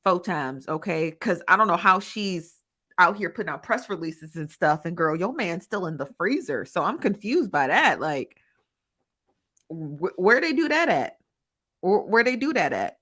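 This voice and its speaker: A woman's voice: on the low side, very animated, a little slow, sharp tone. A woman hosting a casual live-stream commentary, laughing often and calling viewers "honey" and "child" as she reads the chat.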